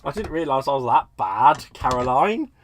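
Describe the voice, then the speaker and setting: A man's voice: medium pitch, very animated, normal speed, slight background noise. A man from Britain hosting a live crafting stream, chatting casually and laughing at his own mistakes as he works. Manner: chatty, self-deprecating, laughs often. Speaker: crafting livestream host.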